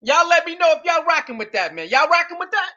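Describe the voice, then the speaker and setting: A man's voice: very high-pitched, sing-song, fast, sharp tone, muffled recording. A man hosting a live stream, giving casual reaction commentary and reading chat aloud, laughing often and repeating his phrases.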